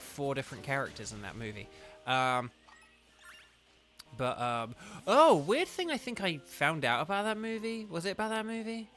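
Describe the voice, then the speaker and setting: A man's voice: on the high side, sharp tone. A young man from southern England with a southern English accent, chatting casually and rambling on a game livestream, leaning heavily on "like". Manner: rambling, chatty, heavy use of "like". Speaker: game streamer.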